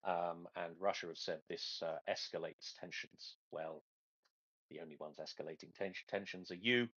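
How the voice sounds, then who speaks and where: A man hosting a casual online chat, joking with dry sarcasm and halting restarts, heard over a dull lo-fi call. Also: sits low, a bit bright, husky, no echo. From England. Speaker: podcast host.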